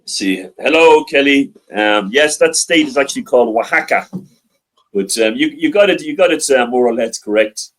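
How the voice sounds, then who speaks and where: A man's voice: medium pitch, expressive, normal speed, hardly any pauses, poor audio. A middle-aged man with a mild Dublin Irish accent, speaking as an interview guest over a video call from a library, hesitant with many restarts and repeated words. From Ireland. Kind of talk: interview conversation.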